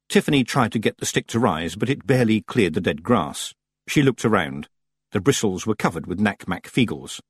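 A man narrating a storybook aloud in an expressive storytelling manner. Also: lowish voice, moderate pace, breathy edge, dry recording, clean studio sound. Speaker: audiobook narrator. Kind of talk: scripted narration.

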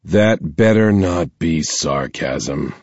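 A man's voice: low voice, takes it slowly, no echo, highs cut off. A man voicing a tired, irritable father in an audiobook, curt and weary.

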